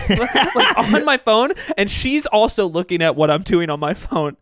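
A young man co-hosting a podcast, telling a story in a giggly, animated way. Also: high voice, unhurried, no echo, clean studio sound. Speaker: podcast co-host. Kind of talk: casual chat.

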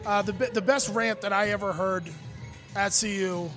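A man co-hosting a sports podcast in casual chat, excitable and hyped, often talking over the others. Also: high voice, normal speed, music in the background.

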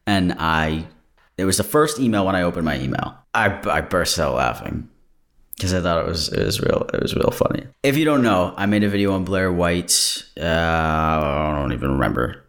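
A man hosting a casual solo podcast, talking candidly and digressively, often breaking off mid-thought. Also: sits low. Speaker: podcast host. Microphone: camera-recorded.

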